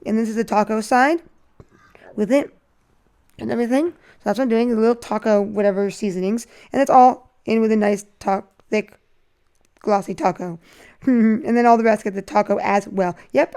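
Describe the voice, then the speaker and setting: A woman narrating her nail art as she paints, chatty and rambling, breaking into excited sing-song bursts. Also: fairly high pitch, moderate pace. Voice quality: voice crackling. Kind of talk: casual voice-over while painting nails.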